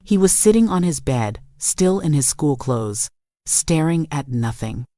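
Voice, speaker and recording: Woman reading a storytime, low voice, steady, dry close sound. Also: unhurried, no echo. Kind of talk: scripted first-person narration.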